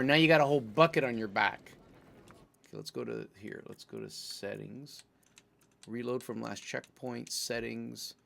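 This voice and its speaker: A man's voice: fairly high pitch, creaky, a bit bright. A man from Italy, streaming a game and chatting casually about his play and the menus. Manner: chatty, explains things at length while navigating menus. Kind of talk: gameplay commentary.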